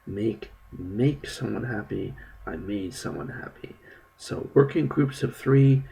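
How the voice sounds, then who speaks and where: A man, an English teacher, walks through a textbook lesson one step at a time. His sentences often trail off softly. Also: fairly low pitch, creaky, slight background noise, low-quality recording. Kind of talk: recorded online textbook lesson.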